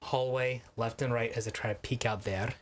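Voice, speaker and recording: A man at a tabletop game, describing his character's actions in a casual, halting way. His voice sits at a middling pitch, with a faint hiss under it. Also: steady tone. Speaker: player.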